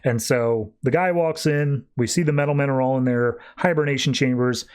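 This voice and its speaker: A man's voice: mid-range voice, normal speed, clean tone. A man hosting a podcast, casually recapping a comic book story and loosely paraphrasing the characters' dialogue with plenty of filler words. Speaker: podcast host.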